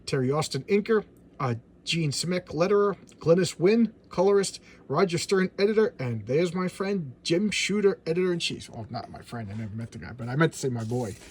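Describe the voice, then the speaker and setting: A man's voice: a little high, animated, fairly quick, darkish tone, husky. A middle-aged man chatting casually about an old comic as he pages through it, eager and gushing, often stammering and repeating words. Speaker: comic book reviewer. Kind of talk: casual chat while flipping through a comic.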